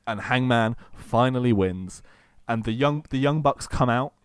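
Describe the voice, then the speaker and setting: A man's voice: mid-range voice, a little slow, smooth, no room sound, clean studio sound. A man cohosting a casual podcast chat, eagerly retelling a long story and acting out quotes between many fillers.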